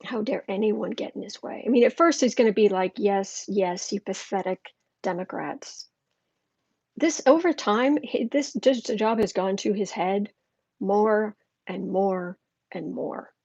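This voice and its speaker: A woman's voice: mid-range voice, unhurried, darkish tone, breathy edge, no echo, muffled recording. A woman doing a live tarot reading, chatty and thinking aloud, with many restarts. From United States. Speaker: tarot reader.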